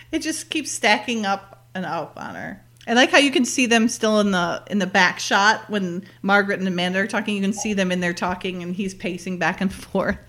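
A woman co-hosting a podcast, recapping a TV episode in a casual, chatty way, full of "like" and "you know" and quick giggles. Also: medium pitch, a bit bright. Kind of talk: casual chat.

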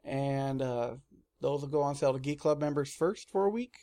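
A man in casual chat, telling lively stories and acting out his own screams. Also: medium pitch, moderate pace. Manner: animated storyteller, mimics his own screams. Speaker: comic shop staff guest. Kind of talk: casual radio-style chat.

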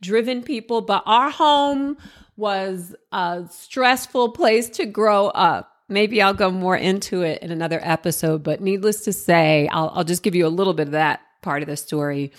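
Woman podcaster from jersey, candid personal story, mid pitch, talks right to you. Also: normal speed. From New Jersey, USA. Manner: candid and reflective, addresses listener directly. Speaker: podcast host.

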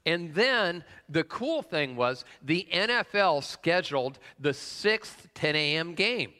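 Man, pastor, sermon, forceful bright voice, chatty with the crowd, long reverb of a large hall. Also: a little high, animated, slow pace. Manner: conversational, frequent "uh" fillers, asks the congregation questions. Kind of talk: sermon with personal story.

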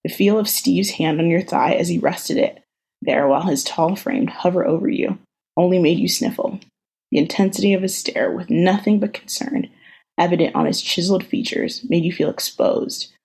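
A woman hosting a podcast, reading a romance story aloud in an even, intimate way. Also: lowish voice, moderate pace, creaky, breathy edge. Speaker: podcast host reading fan fiction.

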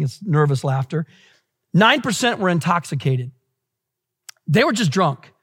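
A man from the United States preaching a sermon, emphatic, with dramatic slowdowns and repeated phrases. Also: high-pitched, expressive, fairly bright tone, slightly rough. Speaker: pastor.

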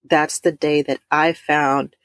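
A woman's voice: sits low, level tone, dry recording, studio quality. Emotional woman sharing a faith testimony. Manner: emotional, addresses listeners as y'all, drawn-out emphasis. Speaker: host of a faith talk stream. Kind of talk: personal testimony, casual and heartfelt.

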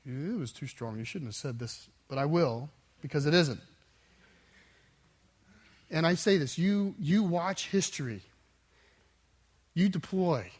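A pastor with a notably high voice delivers a sermon with intense emphasis. He climbs into forceful bursts, then drops to quiet, low endings.

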